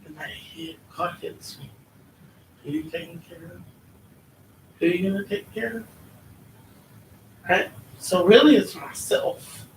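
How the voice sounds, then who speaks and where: A woman's voice: lowish voice, takes it slowly, pauses often. Earnest woman in a roomy hall. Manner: earnest, heartfelt, often tags lines with "right?". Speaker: church member giving testimony. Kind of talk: personal church testimony. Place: church hall. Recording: roomy, distant, faint background hum.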